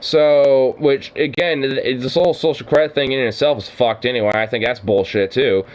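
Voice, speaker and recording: A man's voice: medium pitch, normal speed, low-quality recording. A man reacting to a video in casual, profane commentary, ranting in exasperation. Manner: exasperated, ranting, swears a lot.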